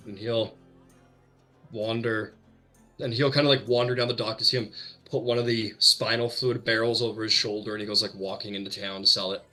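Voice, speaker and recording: A man's voice: medium pitch, little pitch movement, fairly quick, pushed and bright, faint music behind. A man narrating as game master of a tabletop game, loose and full of fillers.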